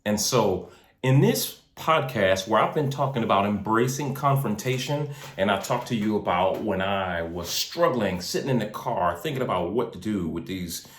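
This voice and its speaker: A man's voice: fairly low pitch, expressive, moderate pace, echoey room. A man hosting a faith podcast, preaching with energy and street slang, often repeating his words. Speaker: podcast host and minister. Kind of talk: preaching-style podcast talk. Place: in a car.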